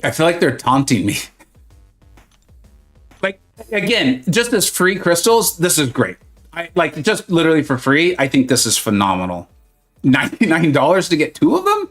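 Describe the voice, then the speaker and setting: Lively joking male game streamer. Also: mid-range voice, normal speed, soft background music. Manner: joking, self-mocking, chats to viewers. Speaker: gaming streamer. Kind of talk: casual live-stream commentary.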